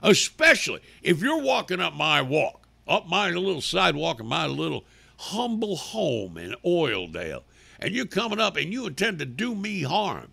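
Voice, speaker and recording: A man hosting a talk show, ranting angrily and profanely about politics, breaking into loud outbursts. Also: a little high, huge pitch swings, normal speed, creaky, breathy edge, no echo. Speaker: radio talk show host.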